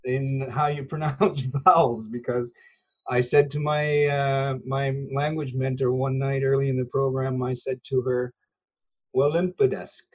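A man's voice: mid-range voice, a little mellow, muffled recording. A man from Newfoundland, Canada, answering interview questions with patient, teacherly explanations and frequent hesitations. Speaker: interview guest, language learner. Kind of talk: earnest conversational explanation.

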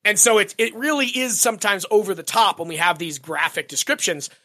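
Bright-voiced man, rambling podcast co-host. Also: sits high, fairly quick, dry recording, studio quality. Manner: animated, rambling, laughs often. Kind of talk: casual chat.

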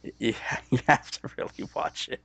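A man's voice: moderate pace, a bit bright, no echo. A man co-hosting a podcast in casual chat, often laughing as he retells jokes. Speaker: podcast co-host.

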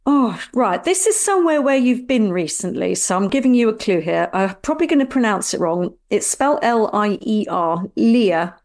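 A woman's voice: mid-range voice, very animated, brisk, hardly any pauses, darkish tone. A middle-aged woman co-hosting a podcast, chatting casually and playfully teasing as she runs a quiz. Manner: teasing, giggly quizmaster. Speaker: podcast co-host. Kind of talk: casual chat.

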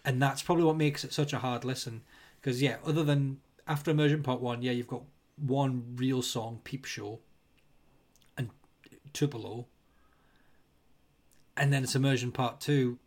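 Scottish male co-host, relaxed and conversational, a bit sweary. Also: mid-range voice, normal speed, pauses often. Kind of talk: casual chat.

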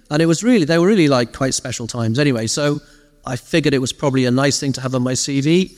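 Man guest, quick anecdotal storyteller, live stage, long hall reverb. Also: mid-range voice. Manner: lively storyteller, animated quoted asides. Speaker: interview guest, former games PR director. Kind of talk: casual anecdotal interview.

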